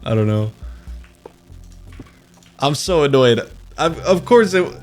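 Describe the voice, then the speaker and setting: Lively, playful young male streamer. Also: a little high, slow pace. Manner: playful, joking, mock-dramatic. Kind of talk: live game stream commentary. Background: faint game music.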